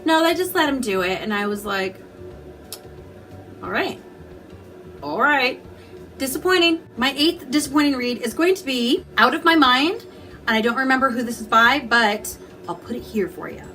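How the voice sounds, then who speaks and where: High-voiced animated woman reviewing books. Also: brisk, faint music behind. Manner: animated, opinionated, with frequent asides and mock quotes. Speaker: book reviewer. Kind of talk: casual book review vlog.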